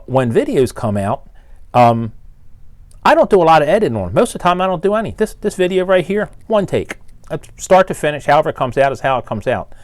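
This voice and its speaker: This is a man in his sixties from the Baltimore area of Maryland, an engine builder who owns his own shop, delivering a one-take rant to camera. He sounds blunt and exasperated with his critics, speaking at medium pitch with a Baltimore accent in a dry recording.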